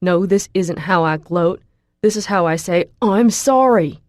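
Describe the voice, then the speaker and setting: Woman voicing a large young college guy, blunt, teasing, protective, low-ish voice, dry close sound, audiobook character. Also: steady tone, moderate pace, a little mellow, no room sound. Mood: angry. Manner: blunt, teasing, matter-of-fact.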